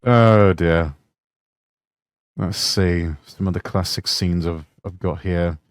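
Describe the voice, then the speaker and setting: A man hosting a casual commentary, fondly rambling over clips between chuckles. His voice is low, unhurried and lively in pitch. The sound is dry and close. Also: clear, resonant tone, no room sound, soft background music. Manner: fond, rambling, chuckling asides. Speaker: host.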